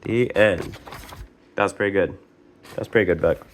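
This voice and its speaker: A man's voice: deep voice, measured pace, slight background noise. A man reading a picture book aloud, playful and adding sound effects. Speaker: reader.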